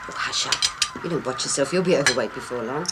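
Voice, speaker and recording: A brisk, nagging suburban mum. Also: female voice, very deep voice, very noisy. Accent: Australian. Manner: scolding, brisk. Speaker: mother. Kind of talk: 1970s film drama acting.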